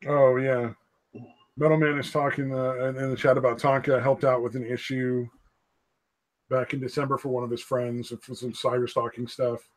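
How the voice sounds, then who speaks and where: A man's voice: medium pitch, level tone, moderate pace, low-quality recording. A man hosting a casual podcast, rambling and hedging with "I mean" and "like," swearing freely. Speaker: podcast host. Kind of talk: casual profane chat.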